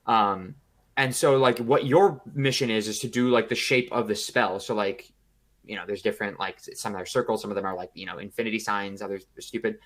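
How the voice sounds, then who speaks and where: A man co-hosting a podcast, telling a story in a casual, profane, animated way with acted-out quotes. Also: on the low side, a little fast. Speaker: podcast co-host.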